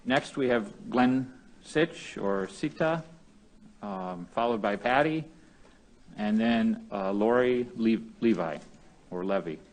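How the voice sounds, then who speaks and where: A man chairing a committee hearing, brisk and procedural as he calls the next witnesses. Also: on the low side.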